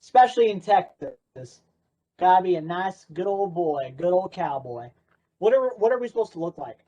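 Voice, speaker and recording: A man's voice: high voice, expressive, moderate pace, warm tone. A man presenting an interactive workshop in a playful, sarcastic way. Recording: dull lo-fi recording.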